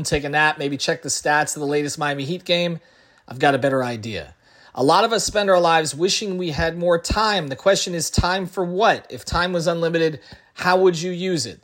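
A man's voice: on the high side, a bit bright. A man reading a sponsor message on a podcast in an earnest, personal tone. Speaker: podcast host. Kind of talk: read sponsor ad.

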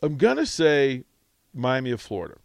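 Stammering gravelly sports radio man. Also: medium pitch, wildly swooping pitch, normal speed, a little mellow, dry recording, clean studio sound. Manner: stammering, exasperated, teasing. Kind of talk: casual sports banter.

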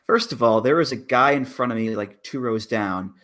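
A man's voice: fairly low pitch, unhurried, a bit bright. A man in casual podcast chat, making his points carefully and stressing key words. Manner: analytical, emphatic. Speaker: wrestling podcast guest.

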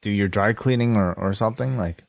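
A man's voice: on the low side, brisk, vocal fry, no room sound. A man co-hosting a casual podcast, asking wry, teasing questions. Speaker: podcast co-host.

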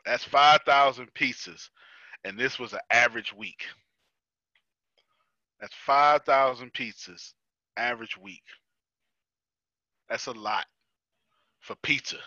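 An American man running a team meeting in a loose, joking way, laughing as he tells work stories. His voice is very bright and sharp. The sound is dry and a little muffled. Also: mid-range voice, takes it slowly, long pauses, no echo. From United States. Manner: joking, storytelling, laughs often. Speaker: meeting host. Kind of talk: casual team meeting talk.

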